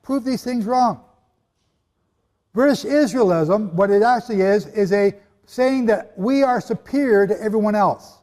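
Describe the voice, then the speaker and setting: A man's voice: high-pitched, a little slow, darkish tone. A man teaching the Bible to a live audience in a hall, emphatic, with rhetorical questions and joking asides. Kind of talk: sermon-style lecture to a live audience. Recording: echoey hall with long reverb.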